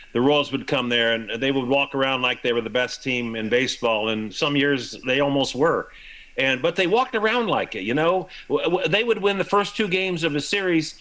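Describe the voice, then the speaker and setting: An older man spins baseball stories as a guest on a broadcast talk show, slipping into the voices of the people he quotes. His voice is bright and forceful and sits a little high for a man. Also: rough recording. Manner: animated anecdotes, acts out quoted lines. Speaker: guest, former baseball player. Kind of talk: storytelling in a broadcast interview.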